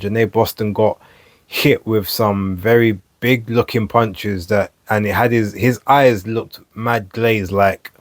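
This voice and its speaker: A man's voice: lowish voice, dry recording. A man giving his casual, rambling thoughts on boxing to camera, often stumbling and correcting himself over names. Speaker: boxing vlog host. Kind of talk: casual solo commentary to camera. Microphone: camera mic.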